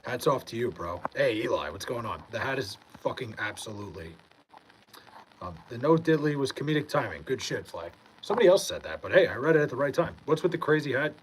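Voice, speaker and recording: A young man, from Long Island, talks in a loose, laid-back way as he reacts to a chat stream. He is high, swears easily, and keeps a middle-pitched, casual tone. Faint noise sits under the recording. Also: big pitch swings, fairly quick, low-quality recording. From Long Island, New York. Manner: laid-back, reads comments aloud, swears, says dude often. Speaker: livestreamer reading chat.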